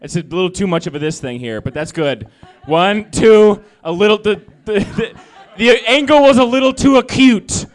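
A man performing a stand-up comedy set, self-deprecating and animated. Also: high voice, moderate pace.

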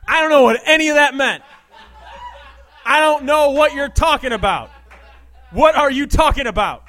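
A man putting on a loud, crude, dim young bro character in an improvised comedy bit, brash and swearing. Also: high-pitched, expressive, normal speed. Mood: loud, incredulous.

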